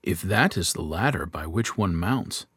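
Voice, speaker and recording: A man doing a young prince, low and quiet. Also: lively intonation, unhurried, breathy edge, no echo, studio quality, full character voice. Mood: musing. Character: young king's son, bold suitor.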